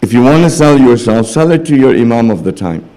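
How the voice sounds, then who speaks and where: This religious speaker sounds animated and fairly quick, with a dark-toned voice. Preaching a majlis sermon in a mosque hall, he retells stories using quoted dialogue and works up to impassioned, high-pitched pleading near the finish.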